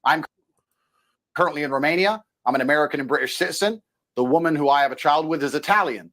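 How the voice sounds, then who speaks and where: A man's voice: fairly high pitch, quick pace, a bit bright. A man arguing as a guest in a TV interview, talking in an assertive, lecturing way. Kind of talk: debating in a TV interview.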